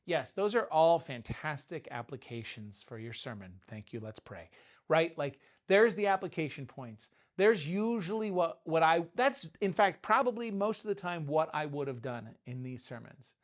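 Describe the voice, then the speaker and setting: A man preaching in a loose, conversational way, with a slightly high voice. He jokes, trails off, and restarts his thoughts as he talks through his points. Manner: conversational, self-interrupting, joking asides. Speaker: pastor. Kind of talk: informal sermon.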